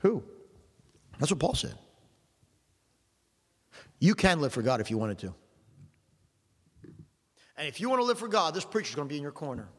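A man's voice: on the high side, sing-song, normal speed, pauses often, fairly bright tone, husky. A male preacher delivering a sermon with an emphatic, repetitive preaching cadence. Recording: long hall reverb.

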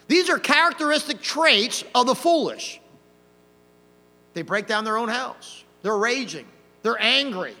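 Pastor, hellfire sermon, mocking asides; high, animated voice, big hall reverb. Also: male voice, normal speed, creaky, pauses often. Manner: swings from quiet to loud, mocking asides. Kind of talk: old-fashioned hellfire sermon.

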